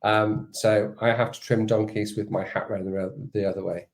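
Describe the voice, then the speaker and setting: Man with a halting, easygoing delivery. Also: lowish voice, flat delivery. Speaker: hoof trimmer. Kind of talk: live-stream chat.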